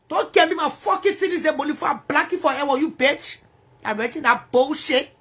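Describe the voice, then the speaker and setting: A woman's voice: high voice, a little fast, fairly bright tone. A woman ranting angrily in profane, repetitive bursts from her bedroom. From Liberia. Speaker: social media personality.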